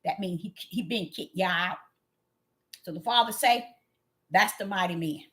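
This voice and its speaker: A woman preaching an impassioned sermon, calling out to her listeners and swinging from low murmurs to loud cries. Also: moderate pace. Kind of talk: fiery street sermon.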